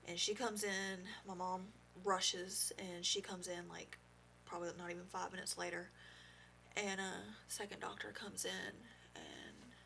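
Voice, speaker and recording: A young woman giving heartfelt personal testimony as a podcast guest, halting and full of fillers. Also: mid-range voice, level tone, gravelly, bright, forceful tone, slight background noise.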